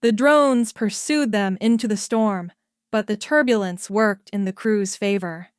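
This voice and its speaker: A woman narrating a scripted science fiction story in a steady, even manner. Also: medium pitch, unhurried, clear, resonant tone, dry recording, clean studio sound.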